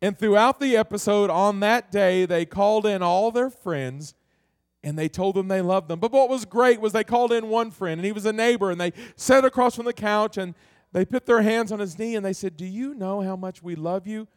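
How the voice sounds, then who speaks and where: A man with a notably high voice preaches a sermon as a pastor. He tells the story in a relaxed way, then eases off, slowing and quieting to press each point home. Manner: storytelling, slowing down and dropping soft to stress a point.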